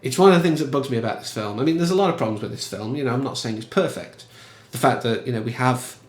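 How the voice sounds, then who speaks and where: A man giving casual, emphatic film commentary in a chatty, animated way. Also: mid-range voice, quick pace, reverberant. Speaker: film reviewer.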